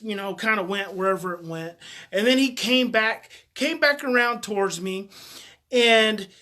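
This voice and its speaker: A man speaking as a parenting educator tells a personal story with deep feeling. His voice is bright and forceful, and he often circles back to repeat a phrase.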